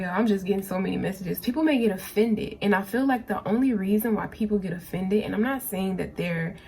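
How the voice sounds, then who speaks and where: A woman's voice: medium pitch, darkish tone. A woman giving a pick-a-card tarot reading, talking casually and directly to her viewers and often repeating her phrases. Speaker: tarot reader.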